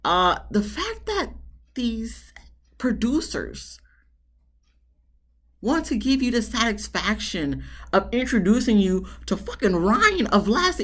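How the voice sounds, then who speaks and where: A woman's voice: on the high side, big pitch swings, slow, long pauses, a bit bright. A woman reviewing a reality TV episode in casual, blunt, sassy commentary with slang and exasperated rants.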